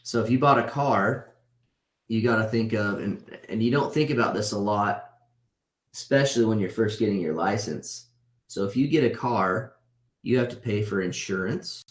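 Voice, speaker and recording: A man's voice: fairly low pitch, normal speed. Man teaching an online class, roomy echo. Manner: conversational, tags points with "right?". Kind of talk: casual online class lecture. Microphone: video call.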